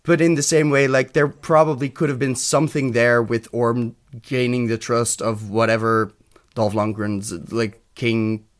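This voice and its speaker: A man's voice: mid-range voice, fairly even intonation, measured pace. Rambling, profane European man chatting. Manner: rambling, profane, thinks aloud with restarts. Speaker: podcast co-host. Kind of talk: casual chat.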